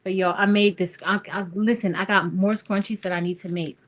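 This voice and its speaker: Talking fairly quickly in a mid-range voice with fairly even intonation, a middle-aged woman hosts a crafting livestream. She's chatty and full of stories as she works, referring to her audience as "y'all."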